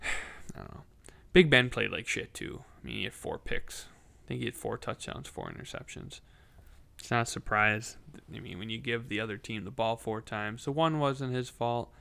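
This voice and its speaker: A man's voice: mid-range voice, creaky, a bit bright, clean tone. A young man giving a casual, profane football recap, blunt and exasperated. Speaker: sports commentator.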